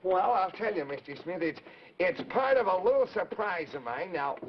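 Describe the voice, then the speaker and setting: A man's voice: high voice, big pitch swings, moderate pace, a little hiss or hum. A man voicing a cheerful, eager boy puppet who stammers and chatters earnestly. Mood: confiding. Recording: dull 1950s TV broadcast audio.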